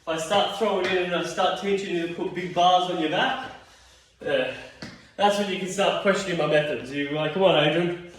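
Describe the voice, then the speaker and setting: High-pitched and moderately paced, this male fitness instructor runs a workout at home, yawning and weary yet chatty and supportive as he counts reps. There's a little hiss or hum, and the distant mic picks up heavy room echo.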